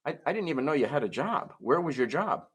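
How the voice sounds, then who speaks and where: A man's voice: fairly high pitch, big pitch swings, quick pace, slightly rough. A man performing a comic ventriloquist act, talking to his puppets in playful, stammering children's show patter. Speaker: musical ventriloquist.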